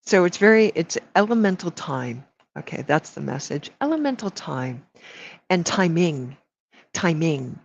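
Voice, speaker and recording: A woman with a low, gravelly voice gives a live energy reading, her pitch swinging widely as she speaks a little slowly and draws out her words. She's an energy healer who talks affectionately to each person, calling them sweetheart and baby. The audio is dull and lo-fi.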